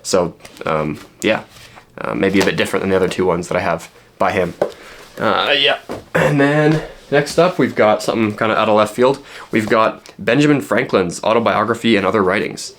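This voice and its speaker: Male book vlogger, lower voice, loose unscripted chatter with filler words and dry jokes. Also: moderate pace, a bit bright, a little hiss or hum. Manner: rambling, filler-heavy, joking asides. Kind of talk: casual book haul chat.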